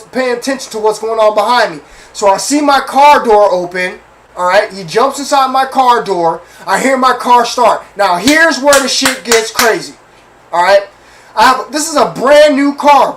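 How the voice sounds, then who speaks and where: Profane man telling an animated story. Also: very high voice, distant mic, slight background noise, low-quality recording. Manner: animated, profane, repeats phrases and asks the listeners for agreement. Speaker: podcast host. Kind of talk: casual storytelling rant.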